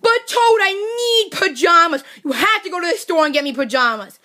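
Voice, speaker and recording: A woman's voice: extremely high pitch, sing-song, a little fast, sharp tone, exaggerated voice. A woman voicing a spoiled young koopa boy, whiny and bossy, in a comedy puppet skit. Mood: whiny demanding.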